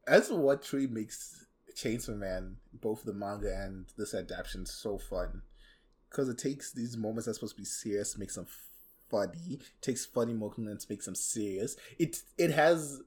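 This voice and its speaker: A man's voice: on the low side, moderate pace, darkish tone. A man talking bluntly in a casual conversation. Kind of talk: casual chat.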